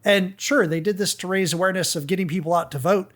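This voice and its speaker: A man's voice: sits high, fast talker, a bit bright. A man co-hosting a gaming podcast, chatting earnestly and chiming in with short words. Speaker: podcast co-host. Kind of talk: casual chat.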